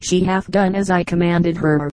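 A woman's voice: lowish voice, steady tone, moderate pace, darkish tone, dry recording, close to an everyday voice. A woman reading the lines of a cruel male knight issuing cold, archaic threats.

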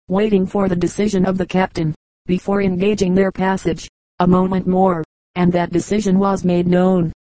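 A woman narrating an audiobook with a steady, even reading style. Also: lowish voice, no room sound, low-quality recording. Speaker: audiobook reader. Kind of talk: scripted narration.

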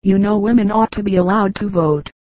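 A woman's voice: medium pitch, brisk, darkish tone, no echo, natural voice. A woman reading the lines of an older riverboat pilot mildly objecting to his wife. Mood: chiding.

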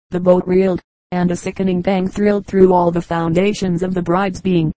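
Woman, audiobook narration, measured storytelling delivery, warm dark tone, dry close recording. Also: on the low side, level tone, dry recording, poor audio. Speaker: audiobook reader. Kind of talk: scripted narration.

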